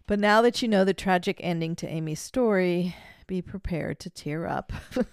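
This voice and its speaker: A woman's voice: on the low side, normal speed, clear, resonant tone, no echo, studio quality. A middle-aged woman co-hosting a podcast in a casual chat, reading from notes and laughing often. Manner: warm, laughs often between remarks. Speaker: podcast co-host.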